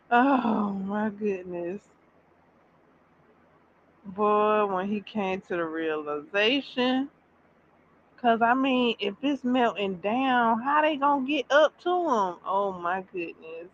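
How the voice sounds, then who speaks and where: A woman chatting casually on a livestream, reacting with bursts of excitement and drawn-out exclamations. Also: mid-range voice. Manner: animated, exclaiming, drawn-out repeats. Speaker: streamer reacting to a series. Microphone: streaming mic. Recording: slightly dull audio with faint background noise.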